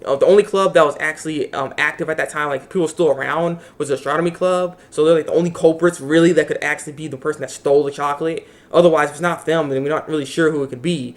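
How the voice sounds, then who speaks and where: Fast-talking man recapping an anime. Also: a little high. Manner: rambling, animated, acts out characters' lines. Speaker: anime reviewer. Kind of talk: casual episode recap.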